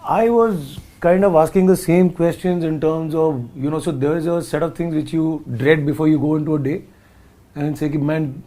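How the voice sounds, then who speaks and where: A man's voice: on the high side, moderate pace, warm tone. A man with an Indian accent, a film director talking casually in an interview, thoughtful and full of restarts. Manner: thoughtful, rambling with many restarts and asides.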